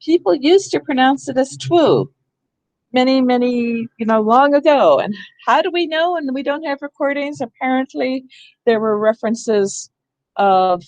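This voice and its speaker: A woman's voice: high voice, normal speed, darkish tone, no echo, poor audio. A woman training teachers in a hands-on reading workshop, explaining step by step and thinking aloud. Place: school room.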